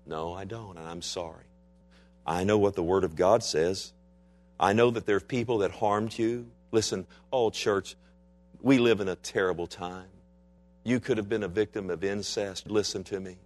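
A man from Texas preaching a sermon to a church, swinging from loud, urgent passages to hushed, intense ones and acting out the voices he quotes. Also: sits low, steady tone, normal speed. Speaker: pastor.

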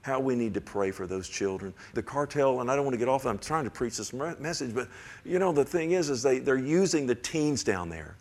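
With a mid-range, animated voice and a slightly fast pace, an older man delivers a folksy, meandering sermon. He often checks in with "amen?" and shifts from soft-spoken moments to loud, forceful ones.

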